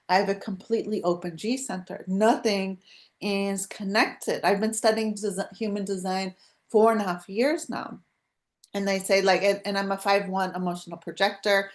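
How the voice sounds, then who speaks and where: Woman, live podcast host, rambling chatty delivery, spiritual talk, video call audio. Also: medium pitch. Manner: rambling, chatty, self-interrupting with laughs.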